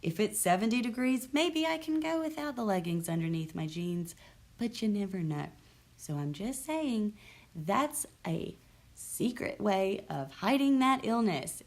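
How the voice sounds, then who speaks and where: A young adult woman hosting her own vlog, talking candidly and with sarcasm, with frequent restarts. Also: mid-range voice. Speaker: vlog host. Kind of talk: casual talk to camera. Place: lives in the US South.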